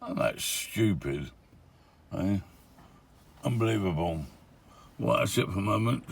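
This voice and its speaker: A man's voice: on the low side, animated, measured pace, creaky, breathy edge. An older man chatting casually through a travel vlog, with grumbling asides tagged "eh?", filmed on a handheld camera outdoors and from his van. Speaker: van life vlogger. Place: outdoors and in a van, touring villages.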